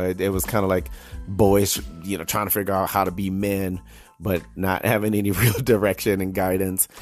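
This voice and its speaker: A young adult man hosting a podcast, telling a story casually, laughing often and restarting his sentences. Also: low voice. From United States. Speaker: podcast host.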